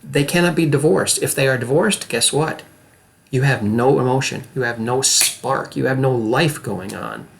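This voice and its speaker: A man's voice: medium pitch, normal speed, vocal fry. A middle-aged man who works as an acting coach, giving an earnest, emphatic lesson straight to camera and often checking in with the viewer.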